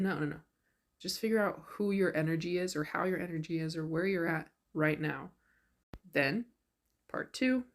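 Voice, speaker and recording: A woman's voice: fairly low pitch, no echo, clean studio sound. A young woman giving casual spiritual advice, chatty and earnest, who acts out inner voices with big swings in tone. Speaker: spiritual wellness vlogger.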